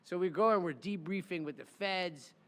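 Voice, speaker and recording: A man hosting a casual chat, telling stories in an animated way. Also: high-pitched, moderate pace, smooth, long reverb tail. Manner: animated, acts out quoted voices. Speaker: podcast host, defense lawyer.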